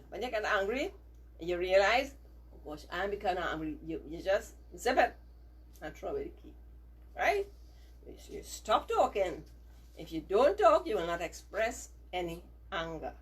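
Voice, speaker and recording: A woman teacher giving a slow, emphatic values lesson to children, often checking in with them and having them repeat phrases after her. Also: medium pitch, slightly rough. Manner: frequent checking "right?".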